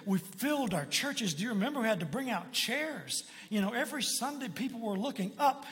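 A man's voice: high voice, long reverb tail. A man preaching a sermon as pastor, talking in a folksy, conversational way with frequent asides to the congregation.

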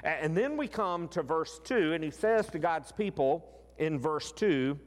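A man preaching a sermon in an expressive way, slowing down to stress key words. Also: a little high, in a large hall. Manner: expressive, slows down for emphasis.

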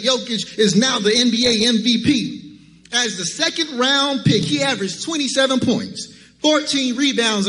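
A man's voice: very high voice, pushed and bright, long reverb tail. A man preaching a sermon to his church, emphatic and calling out to the congregation with rhetorical questions. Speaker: pastor. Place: church sanctuary.

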